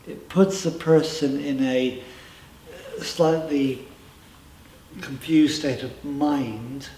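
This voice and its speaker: A man's voice: mid-range voice, fairly even intonation, extremely slow, mellow. A middle-aged man talks through his personal story in an interview, thoughtful and now and then emphatic. His voice sits in a mid range. It was recorded from a distance in an echoey room with a faint hum of ambience behind it. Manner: reflective, with emphatic asides. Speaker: interviewee, former member telling his story.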